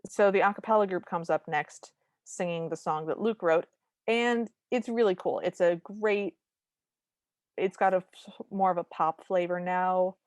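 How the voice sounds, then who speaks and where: A woman's voice: on the low side, measured pace, dry recording. A woman co-hosting a podcast, casually recapping a movie's plot beat by beat with dry asides. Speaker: podcast co-host.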